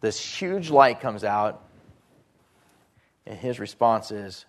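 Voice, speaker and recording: A man preaching a sermon, reading scripture aloud and explaining it earnestly, rising for emphasis and dropping low at phrase ends. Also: expressive, slow, long pauses. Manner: rises in pitch and volume for emphasis, drops low at phrase ends.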